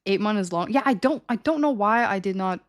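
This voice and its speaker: A woman's voice: medium pitch, animated, fairly quick. A young woman streamer telling a story to her chat in a casual, chatty way, laughing often.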